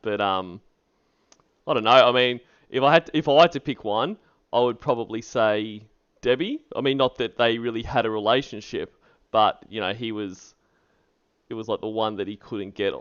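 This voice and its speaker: Low, smooth-voiced male stream host. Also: dull audio. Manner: wry, rambling, laughing. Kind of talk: casual chat reacting to a recording.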